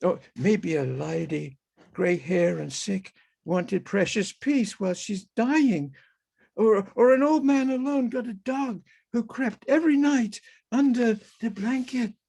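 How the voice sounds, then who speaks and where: Slow, gravelly high-voiced man reading. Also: darkish tone. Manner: halting, musing, talks to animals and people in the scene. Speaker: author reading his fiction. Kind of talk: performed first-person character monologue. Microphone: video call.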